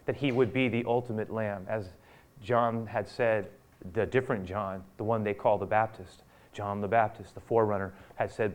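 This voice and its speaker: A man preaching a sermon, acting out scripture quotes and swinging from loud urgent peaks down to a hushed near-whisper. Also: lowish voice, fairly even intonation, moderate pace. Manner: acts out quotes of biblical figures. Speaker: pastor.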